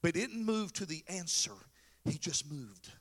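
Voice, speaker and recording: A man preaching a sermon as pastor, telling a story with lively, casual acted-out voices. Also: fairly high pitch, moderate pace. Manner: animated storytelling, acting out biblical characters in casual slang.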